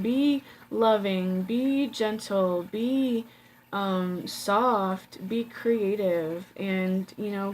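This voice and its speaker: A woman's voice: medium pitch, darkish tone, a little hiss or hum. A woman giving a casual tarot reading, blunt and profane, chatty with many fillers. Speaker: tarot reader.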